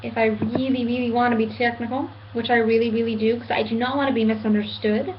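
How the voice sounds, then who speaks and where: A woman in her late twenties vents to her webcam at home, earnest and halting, restarting her sentences and filling pauses with "um". Her voice sits a little high. The audio is muffled and lo-fi, with a faint hiss underneath. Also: fairly even intonation. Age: 20s. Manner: hesitant, many fillers and restarts, earnest. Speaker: vlogger. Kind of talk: casual rant to camera.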